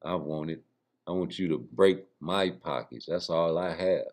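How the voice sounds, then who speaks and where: A man's voice: low-pitched, steady tone, a little slow, darkish tone. A man giving casual, profane, rambling boxing commentary straight to his viewers. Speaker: boxing YouTuber.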